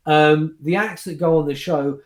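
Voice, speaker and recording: A man, a guest magician, chatting casually and telling backstage stories in an animated, restart-heavy way. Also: fairly high pitch, moderate pace, echoey room. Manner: animated storyteller, restarts and fillers. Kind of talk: casual chat recounting anecdotes.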